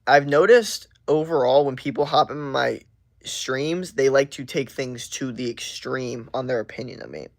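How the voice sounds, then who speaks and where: A man's voice: medium pitch, normal speed, vocal fry, no echo, studio quality. A man in his twenties hosting a casual livestream, rambling through chat questions with lots of "like" and "bro" filler. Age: 20s. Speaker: livestream host.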